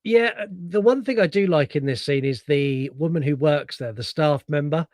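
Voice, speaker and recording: Man, fairly high voice, animated, sweary, acts out movie scenes, dry close sound. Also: normal speed, no room sound. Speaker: podcast co-host. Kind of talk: casual film review chat.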